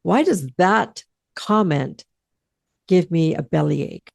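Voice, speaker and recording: Gravelly-voiced woman podcast host. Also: on the low side, lively intonation, takes it slowly, a little mellow, no room sound, clean studio sound. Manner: candid, blunt and playful. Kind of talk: casual interview chat.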